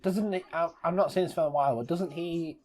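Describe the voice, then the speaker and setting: A man's voice: a little high, fast talker, darkish tone. A man co-hosting a casual movie commentary, blunt, dry and grumbling. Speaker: co-host of a film commentary.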